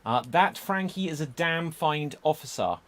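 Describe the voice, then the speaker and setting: Man, improv show host, brisk, self-mocking, slightly high voice. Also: lively intonation.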